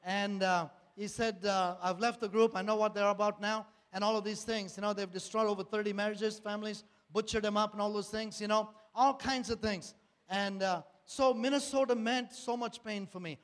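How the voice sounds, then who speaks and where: A man with a notably high speaking voice gives an earnest personal testimony in church. He leans on repeated phrases and rhetorical questions, and his words ring out with a long hall reverb behind them. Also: fairly even intonation, moderate pace.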